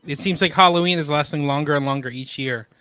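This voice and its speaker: A man co-hosting a casual podcast, making dry, deadpan remarks. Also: a little high, fast, no echo, faint music behind. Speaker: podcast co-host. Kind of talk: casual chat.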